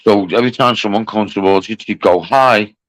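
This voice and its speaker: Low-voiced man swearing through stories. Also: fairly even intonation, fast, dry recording, poor audio. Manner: swearing, laughing storyteller. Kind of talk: casual chat.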